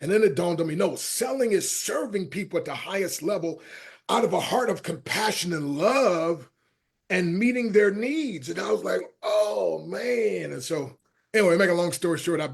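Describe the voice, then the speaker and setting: A man's voice: high voice, normal speed, gravelly, breathy edge. A middle-aged man, a motivational speaker, telling personal stories as a guest in an interview, acting out the voices of the people he quotes. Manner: animated storyteller who acts out quoted voices and shifts loudness a lot. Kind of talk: storytelling interview talk.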